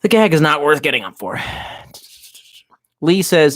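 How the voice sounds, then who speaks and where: A man's voice: a little high, very animated, a little slow, dry recording. A man casually chatting on a home livestream, rambling and swearing, with many restarts. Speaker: streamer.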